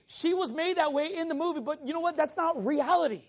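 A middle-aged male pastor preaches a sermon in a casual, animated way, telling a personal story and staying connected with his listeners. His voice is extremely high, and he speaks briskly.

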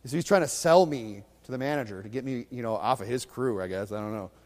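A man preaching a sermon in a fiery, mocking way, swinging between loud bursts and hushed asides. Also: medium pitch, fast, long reverb tail. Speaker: pastor.

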